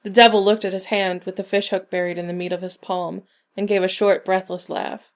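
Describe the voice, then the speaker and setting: A woman narrating a short story in a measured, even reading. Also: medium pitch. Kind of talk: scripted narration.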